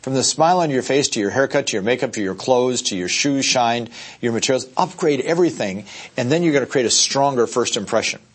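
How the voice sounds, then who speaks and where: A man's voice: mid-range voice, animated, fairly quick, breathy edge. A man training real estate agents in a seminar, talking emphatically and checking in with the audience. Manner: acts out short quoted voices. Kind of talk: seminar talk.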